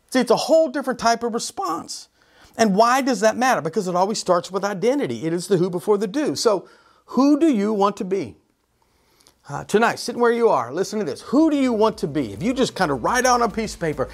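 A man's voice: high-pitched, sing-song, a little fast, faint music behind. A man preaching an earnest sermon as pastor, asking rhetorical questions with emphasis. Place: church sanctuary.

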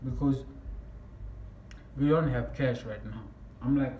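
A man telling a story on his vlog, animated and excitable, breaking into shouts, recorded in an echoey room. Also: mid-range voice, unhurried, pauses often, highs cut off. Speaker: vlogger. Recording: echoey room, mic at a distance, faint background noise.

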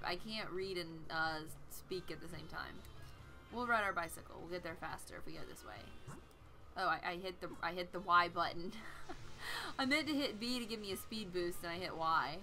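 Bubbly gamer girl talking through her game, bright tone, lil music in the back. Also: mid-range voice. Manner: giggly, chatty, reads game dialogue aloud. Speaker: let's play host. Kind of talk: casual gameplay commentary.

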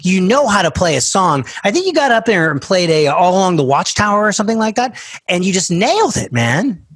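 A man in his fifties hosting a podcast over a video call, chatting casually and joking in an animated, exclamatory way. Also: high voice, a little fast, no echo. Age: 50s. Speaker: podcast host. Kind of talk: casual interview chat.

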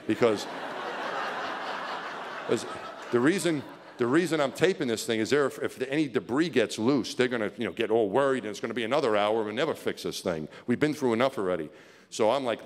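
A middle-aged man telling a story to an audience as a keynote speaker, chuckling and swinging from hushed to excited. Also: mid-range voice, fairly quick, slight background noise. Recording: reverberant hall.

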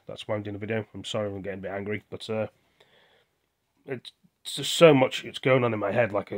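A man venting his frustrations in a rambling video monologue, often asking and answering his own questions. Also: lowish voice. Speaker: vlogger.

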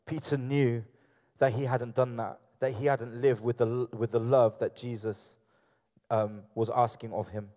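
A man's voice: medium pitch, fairly even intonation, unhurried, warm tone, big-room sound. A man preaching a sermon with passion, repeating phrases and acting out the voices of those in the story. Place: church.

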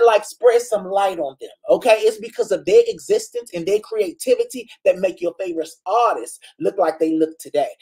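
Flamboyant husky man hosting a live stream. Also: high-pitched. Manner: flamboyant, exclamatory, animated. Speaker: host of a live online talk show. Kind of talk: casual live-stream chat reading comments.

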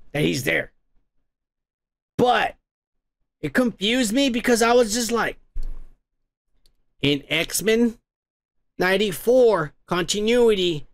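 A man with a high voice hosts a comedy podcast. He recaps an episode in loose, rambling talk full of cursing and stumbles. The sound is dry and close, with no room echo. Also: gravelly, a bit bright. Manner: rambling, swears constantly, restarts often. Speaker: podcast host. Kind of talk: casual profane recap.

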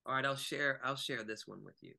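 Bright-voiced man telling stories. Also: mid-range voice, a little fast, gravelly. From Virginia. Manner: animated anecdote telling with acted quotes. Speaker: guest, actor and choreographer. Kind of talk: casual interview storytelling.

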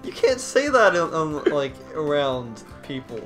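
Brief: male let's-player, bouncy pitch, crude jokey banter, game music behind. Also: very animated, unhurried. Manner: joking, swears a lot. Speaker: let's play commentator. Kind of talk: casual gaming banter.

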